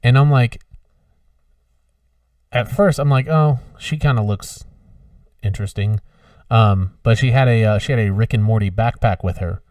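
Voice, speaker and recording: A podcast co-host man of middle pitch, telling stories in a rambling, filler-laden way. The sound is dry and he is a bit far from the mic. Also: moderate pace, long pauses, darkish tone, dry recording. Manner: rambling storytelling with many fillers. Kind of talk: casual chat.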